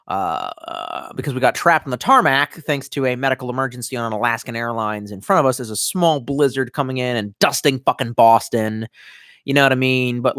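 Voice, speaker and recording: Slightly tipsy on wine, a young man meanders through a casual live stream, cursing freely and reading chat aloud. His pitch leaps around in lively swings, and the audio is dry and close with no room sound.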